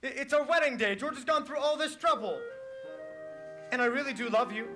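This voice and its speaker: A man's voice: very high-pitched, fairly quick, pushed and bright, soft background music. A young man in a school musical playing an earnest, pleading groom. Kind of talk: high school musical stage acting.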